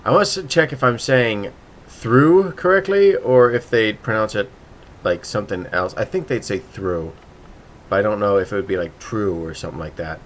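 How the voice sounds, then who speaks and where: A man's voice: lowish voice, fairly quick, slight background noise. A man hosting a casual writing livestream, thinking aloud and muttering to himself as he works.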